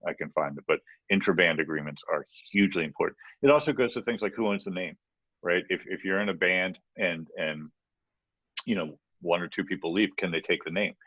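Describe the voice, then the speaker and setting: A deep-voiced man co-hosting a casual podcast, talking through music business advice in a loose, rambling, playful way. His audio is dry and slightly dull, like a home remote recording. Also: husky, no echo. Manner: rambling, playful, restarts often.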